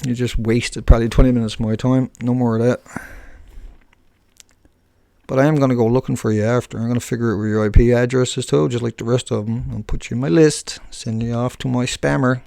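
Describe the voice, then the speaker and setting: A man ranting in a live video blog, combative and scornful, then drifting into joking asides. His mid-range voice carries a gravelly rasp. The sound is dry, with little room around it. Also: mid-range voice, steady tone, brisk, warm tone, no room sound. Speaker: video blogger. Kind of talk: live-streamed rant to viewers.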